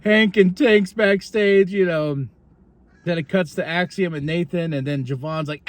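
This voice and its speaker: A fairly high-voiced man chats through a casual podcast recap, excitable and quick to laugh. He acts out quotes as he goes. The sound is dry and close to the mic. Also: no echo. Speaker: podcast host.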